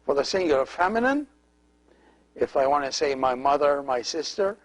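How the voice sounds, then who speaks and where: A middle-aged man, a priest, giving a slow step-by-step language lesson, patiently explaining each letter as he writes it. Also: a little high, lively intonation, poor audio.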